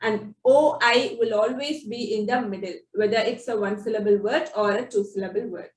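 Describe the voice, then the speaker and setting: A woman teaching phonics, explaining spelling rules slowly and sounding out example words one by one. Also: fairly high pitch, a little mellow. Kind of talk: slow instructional explanation. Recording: echoey room, distant from the mic.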